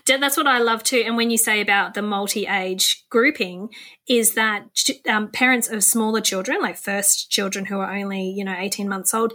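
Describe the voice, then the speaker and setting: Bright-voiced woman hosting a podcast. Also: medium pitch. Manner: enthusiastic, quick affirmations. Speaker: podcast host. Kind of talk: casual interview chat.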